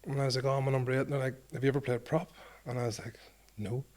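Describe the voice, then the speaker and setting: In a storytelling interview, a former rugby player from Northern Ireland, a man in his forties, pokes fun at himself and acts out what people said to him. His mid-range voice comes out flat, rapid-fire and somewhat dark in tone.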